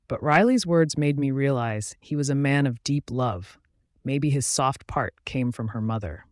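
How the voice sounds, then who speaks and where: Male narrator reading a romance novel aloud, soft and even, mid-pitched, dry close sound. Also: measured pace, no echo. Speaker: audiobook narrator. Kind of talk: scripted narration.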